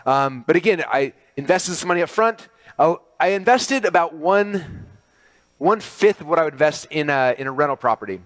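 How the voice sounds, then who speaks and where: A middle-aged man giving an animated business talk to an audience, talking quickly and excitedly with many fillers and restarts. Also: fairly high pitch, no echo. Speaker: speaker presenting to an audience.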